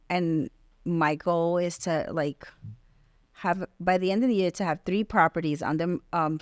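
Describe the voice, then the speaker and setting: A woman real estate agent talks earnestly on a podcast and often restarts her sentences as she pushes a point. Her voice sits a little low. The recording is dry and close. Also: no room sound. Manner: earnest and emphatic, with many restarts. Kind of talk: casual podcast interview.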